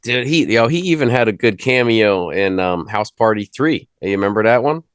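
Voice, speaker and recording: A man's voice: lowish voice, animated, normal speed, smooth, no room sound. A man, a rapper guest on an interview, talking casually in a rambling, jokey way with lots of restarts. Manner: rambling, many restarts and fillers; laid-back, jokey. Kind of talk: casual conversation.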